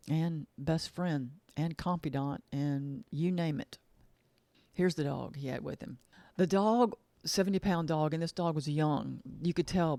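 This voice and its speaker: A woman's voice: sits low, dark tone, no room sound. A woman casually telling a rambling story, repeating herself and acting out the dialogue she quotes. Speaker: vlogger.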